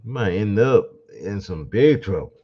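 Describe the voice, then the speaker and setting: Male podcast host, low voice with lively swings, sarcastic solo commentary, dull lo-fi sound. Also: moderate pace, husky. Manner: mocking, sarcastic, laughing asides. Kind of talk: casual commentary monologue.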